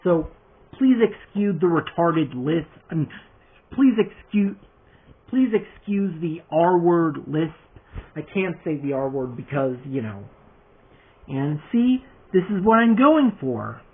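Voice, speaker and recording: A man's voice: a little high, expressive, takes it slowly, husky. A man with a lisp, feeling under the weather, chatting casually in a rambling vlog about customizing a toy figure. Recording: tinny phone-like audio.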